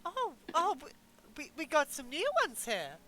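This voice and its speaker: A chatty skeleton bartender fusses over new guests and calls them dearies, as a woman puts the voice on. The voice sits fairly high and bright and swings lively up and down. A faint noise floor sits under the tabletop game. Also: unhurried, full character voice, poor audio. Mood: welcoming.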